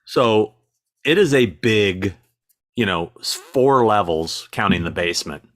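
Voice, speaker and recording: A man co-hosting a casual live chat, telling stories in an animated way and laughing easily. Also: on the low side, unhurried. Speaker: co-host.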